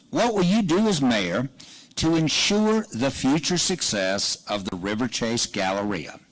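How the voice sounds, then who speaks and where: A man's voice: mid-range voice, big pitch swings, unhurried, low-quality recording. Businesslike male forum moderator. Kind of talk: reading questions.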